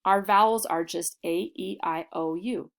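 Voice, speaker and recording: Patient woman teaching Spanish vocabulary. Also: on the low side. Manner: slow, clear model phrases in Spanish; patient, explaining. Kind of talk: vocabulary lesson.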